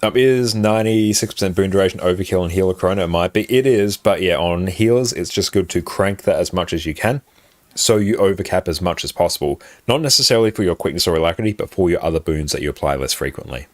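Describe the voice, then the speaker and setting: A man's voice: deep voice, fast, dry recording. An Australian man from South Australia, chatting casually with his viewers while he plays a game, reading out their questions and laughing easily. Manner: relaxed, chatty, reads out chat and laughs easily. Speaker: live streamer. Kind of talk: casual chat while gaming. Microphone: desk microphone.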